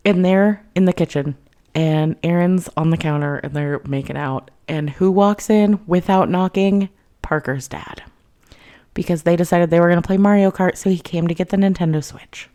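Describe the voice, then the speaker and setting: A woman's voice: on the low side, mellow. A young woman casually recapping a novel's plot, chatty and full of "like," lightly acting out the characters' lines. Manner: chatty, many "like"s, acts out quotes lightly. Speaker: book reviewer.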